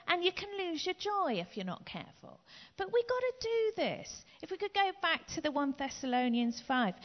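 Lively woman preaching in a hall. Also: high voice. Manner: lively, chatty storytelling with laughs. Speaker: pastor. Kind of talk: sermon. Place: church hall. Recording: dull, long echo in a hall.

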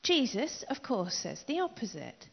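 A middle-aged woman preaching a sermon in an emphatic way, repeating key phrases and dropping into soft asides. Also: a little high, very animated, unhurried, gravelly, husky. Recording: dull echoey hall recording.

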